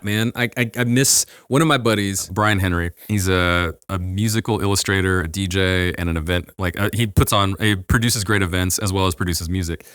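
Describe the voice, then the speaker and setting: A man's voice: fairly low pitch, fairly quick, hardly any pauses, a bit bright, no room sound, studio quality. A man in his thirties, a podcast host, giving casual advice in an earnest, rambling way with many restarts.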